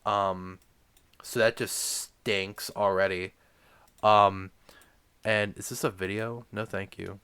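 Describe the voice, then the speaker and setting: A man's voice: lowish voice, level tone, takes it slowly, long pauses, pushed and bright, clean tone. A young man delivering a crude, rambling comedy rant packed with swearing and filler words. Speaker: comedic ranter.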